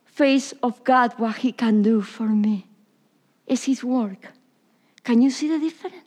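High-voiced woman preaching in English. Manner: non-native English with Spanish slips, drops to whispers. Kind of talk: sermon.

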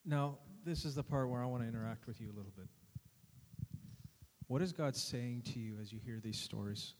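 A man's voice: mid-range voice, brisk, a little mellow, a little hiss or hum. A man as pastor, putting questions to the congregation in a sermon. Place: church hall. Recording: long reverb of a church hall.

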